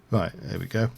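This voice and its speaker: A man streaming a game, rambling and thinking aloud with lots of fillers as he plays. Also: very noisy. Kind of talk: casual gameplay commentary.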